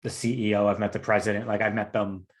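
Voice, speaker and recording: A man's voice: lowish voice, level tone, fast. A man co-hosting a podcast, easygoing and teasing in casual chat. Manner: easygoing, laughs along, teasing. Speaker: podcast co-host.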